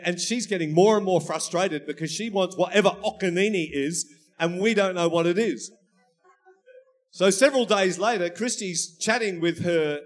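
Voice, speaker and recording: A male pastor preaching a sermon, telling family stories in an animated, laughing way. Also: sits high. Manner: storytelling, animated, laughing at his own anecdotes.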